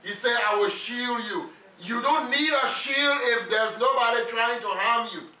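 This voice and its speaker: A man with a high, bright, ringing voice preaches a sermon, emphatic and drawing the congregation into call-and-response. He is heard slightly off-mic in a roomy church hall. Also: a little slow, recorded from a distance. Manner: emphatic, leads congregation in repeating phrases.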